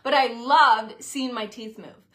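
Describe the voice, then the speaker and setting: Bright, chatty woman in her late twenties. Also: on the high side, takes it slowly. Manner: chatty and expressive, acts out her own past reactions. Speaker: social media creator. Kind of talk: casual talking-to-camera vlog.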